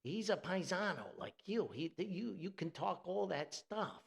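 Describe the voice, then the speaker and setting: A man voicing his gruff, confident father, a backyard mechanic giving blunt orders. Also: high voice, lively intonation, normal speed, pitched above the performer's own voice. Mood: bossy. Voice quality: blunt, bossy.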